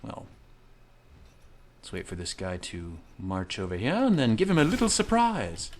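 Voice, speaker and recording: A man's voice: fairly low pitch, huge pitch swings, normal speed, long pauses, slight background noise. Swearing jokey gamer man in his thirties. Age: 30s. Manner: profane, jokey, rambling asides. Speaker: video game streamer. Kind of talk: comedic let's-play commentary.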